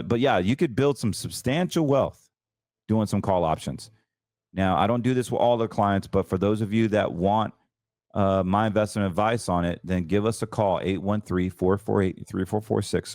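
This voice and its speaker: Guy with a lowish voice talking stock trades on his show, excitable, stumbles over words, dry close sound. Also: dry recording. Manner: chatty, stumbles and restarts, excitable about trades. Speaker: host. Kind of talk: casual financial talk show monologue.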